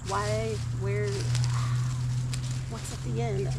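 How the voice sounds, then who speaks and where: A woman vlogging casually while digging in her garden outdoors, chatty and quick to laugh. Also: medium pitch. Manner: chatty and easily delighted, laughs often. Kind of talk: casual chat while working. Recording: outdoor recording with clear background noise.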